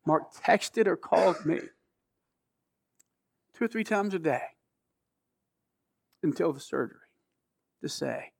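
A man's voice: on the high side, lively intonation, takes it slowly, vocal fry, pauses often, breathy edge, no room sound, clean studio sound. A middle-aged man giving an earnest, emotional personal testimony as a guest, often restarting his sentences. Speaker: guest telling his story.

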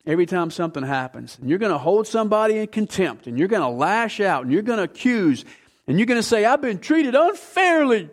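High-voiced preaching man. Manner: rising to fervent, emphatic preaching. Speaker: pastor. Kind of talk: sermon.

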